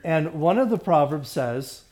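A man's voice: fairly high pitch, expressive, measured pace, darkish tone. A man pastor leading a Bible study in a conversational way, often restarting and checking that the group follows him.

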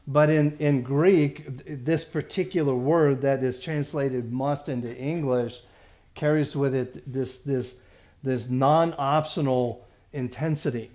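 A man teaching a Bible study as a pastor, halting with many fillers and restarts, stressing points emphatically. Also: medium pitch, steady tone, a little mellow.

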